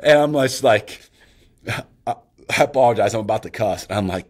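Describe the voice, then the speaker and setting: A middle-aged man hosting a casual podcast, telling an animated hunting story and acting out his own reactions with a bit of swearing. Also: on the low side, moderate pace. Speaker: podcast host.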